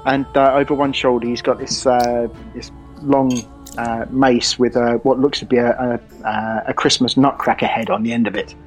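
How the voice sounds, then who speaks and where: A man playing a tabletop game, describing his character in a halting way with many pauses and fillers. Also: mid-range voice, flat delivery, faint music behind, poor audio. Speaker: player.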